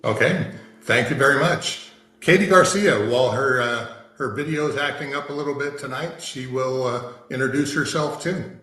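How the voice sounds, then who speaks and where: A man moderating an online meeting in a relaxed, chatty way with frequent fillers. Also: medium pitch, normal speed, echoey room. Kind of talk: casual video-call meeting.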